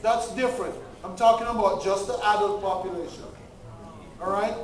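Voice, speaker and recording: A man's voice: high-pitched, fairly even intonation, moderate pace. A man giving a health lecture with a faith angle, emphatic, repeating key points and checking that the audience follows. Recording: echoey hall from far off.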